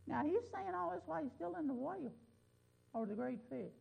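A man's voice: extremely high pitch, lively intonation, fairly quick, creaky. A man preaching a sermon, reading scripture emphatically and commenting in a folksy way. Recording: muffled lo-fi recording.

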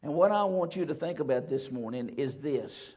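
A man preaching a sermon to his congregation, stressing phrases slowly and repeating them for emphasis. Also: fairly high pitch, expressive, mellow, slightly rough. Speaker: pastor. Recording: dull lo-fi sound.

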